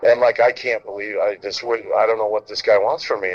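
A middle-aged man, a former pitcher, telling stories in casual chat, acting out quotes and swearing freely. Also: fairly quick. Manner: animated storyteller, acts out quotes, swears freely. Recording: dull lo-fi sound.

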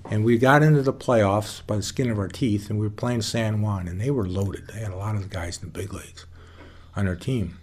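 Guy with a lowish voice telling old baseball stories in an interview, laid-back, swears a bit. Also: a little fast. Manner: folksy, relaxed retelling with plain swearing. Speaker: former baseball pitcher interviewee. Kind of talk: casual storytelling interview.

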